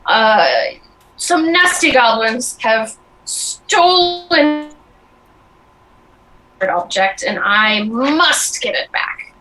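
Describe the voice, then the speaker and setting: A woman's voice: on the high side, expressive, drawn-out words, long pauses, bright, forceful tone, exaggerated voice, poor audio. A woman voicing a charming, self-praising male goblin who gushes over new friends. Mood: smug.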